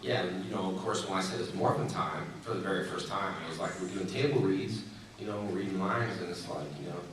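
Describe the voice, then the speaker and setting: A man's voice: low voice, steady tone, fast talker. A man in his thirties telling stories at a convention Q&A, laughing often and slipping into playful quoted voices. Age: 30s. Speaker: convention panel guest. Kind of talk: animated con Q&A storytelling. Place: large convention hall. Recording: echoey hall, heard from a distance, crowd noise.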